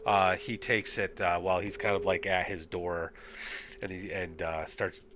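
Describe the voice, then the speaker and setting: A man narrating as game master of a tabletop game, halting with lots of fillers. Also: deep voice, level tone, very noisy.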